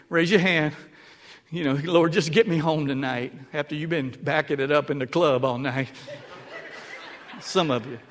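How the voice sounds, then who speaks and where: A man preaching a sermon, dropping to a hush and then rising to shouts. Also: high voice. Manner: swings from hushed to shouting. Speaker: pastor.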